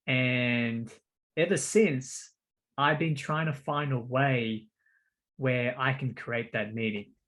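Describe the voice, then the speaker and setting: A man in casual podcast conversation, telling a story with lively energy. He stumbles over and repeats his words and keeps tossing in friendly "bro" and "mate". His voice sits at an ordinary, middle pitch. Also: takes it slowly. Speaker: podcast host.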